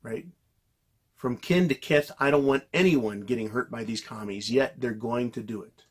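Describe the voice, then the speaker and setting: Husky man ranting angrily to camera. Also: mid-range voice, moderate pace. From United States. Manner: yells and vents angrily, heavy swearing. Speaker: political commentary vlogger. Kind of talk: ranting monologue to viewers.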